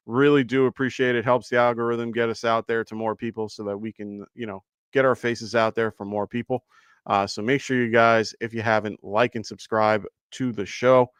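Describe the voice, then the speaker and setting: A man's voice: medium pitch, fairly bright tone, clear, resonant tone, no echo. Man, live-stream host, casual chat, dry close sound. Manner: chatty, laughs often, thanks viewers. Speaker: fantasy football show host.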